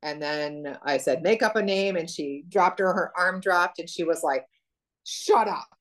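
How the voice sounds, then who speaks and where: A woman's voice: on the low side, normal speed, fairly bright tone. A woman telling a client story in casual chat, acting out quotes with laughter. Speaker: practitioner sharing a client story.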